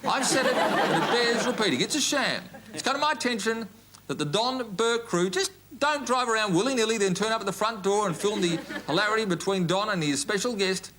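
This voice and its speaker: An Australian actor playing a pompous, self-righteous middle-aged TV current-affairs host in a comedy sketch, ranting and repeating himself indignantly. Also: male voice, high-pitched, lively intonation, brisk, background noise. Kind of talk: sketch comedy parody monologue.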